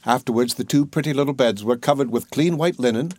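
A man's voice: medium pitch, no echo. Man reading a fairy tale. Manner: measured, even storybook narration. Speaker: storyteller.

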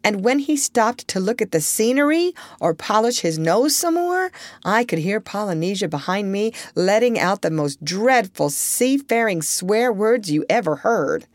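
A woman reading a children's storybook aloud as narrator, expressive and lively in her storytelling. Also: medium pitch, measured pace, hardly any pauses, no echo. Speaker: audiobook reader.

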